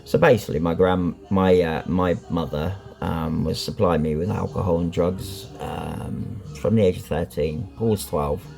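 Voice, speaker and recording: Man, deep voice, gravelly, frank rambling vlog talk, soft music behind. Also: steady tone, moderate pace, few pauses. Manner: rambling, full of ums and you-knows; blunt and frank, swears. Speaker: vlogger. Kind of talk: candid personal vlog.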